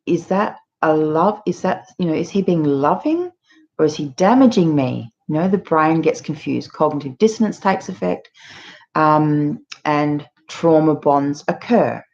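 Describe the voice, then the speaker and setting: A woman's voice: deep voice, animated, unhurried, a little mellow. A woman hosting her channel, earnestly explaining with frequent fillers. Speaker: channel host. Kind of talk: talking to camera about abuse. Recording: muffled lo-fi audio.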